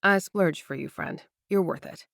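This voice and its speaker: A woman's voice: deep voice, normal speed, creaky, a bit bright, dry recording, clean studio sound, heavily acted. A woman voicing a blunt, fond woman friend.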